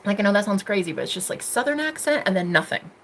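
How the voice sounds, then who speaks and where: American woman streamer, bubbly and teasing, swings from squeals to murmurs; lively pitch, light background noise. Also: quick pace. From United States. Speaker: livestream host. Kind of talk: casual livestream chat reading comments.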